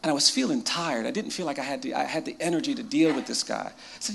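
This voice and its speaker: A man with a gravelly, raised voice tells a story. He talks quickly and pauses for effect, quoting others in his own voice. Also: a little high, animated, a bit bright, a little hiss or hum. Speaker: speaker telling a story; lawyer. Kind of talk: storytelling talk.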